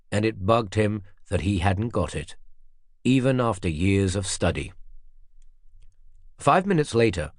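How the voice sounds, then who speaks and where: A man reading a spy novel aloud in measured, even scripted narration. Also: on the low side, no echo, clean studio sound. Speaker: audiobook narrator.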